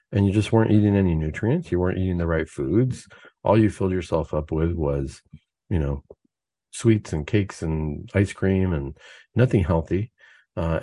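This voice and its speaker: Man, very low voice, mellow tone, earnest conversational preaching, dry close mic. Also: no room sound. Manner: earnest, conversational, with fillers and rhetorical questions. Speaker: host of a Catholic talk show. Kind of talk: spoken reflection, casual preaching.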